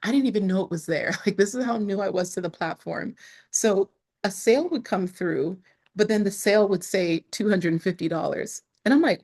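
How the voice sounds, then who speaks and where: A woman being interviewed, telling her story in a casual, expressive way with lots of fillers, sometimes close to tears. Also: mid-range voice, moderate pace. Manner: expressive, frequent "like" fillers, rises sharply when excited. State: emotional, near tears at times. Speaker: entrepreneur guest.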